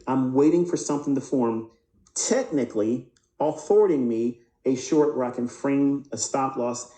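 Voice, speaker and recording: A man with a mellow, low-brightness voice gives a live trading lesson over price charts. He asks himself questions and answers them, and often stumbles over repeated words. The sound is roomy and echoing. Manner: repeats words, restarts mid-sentence. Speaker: trading instructor.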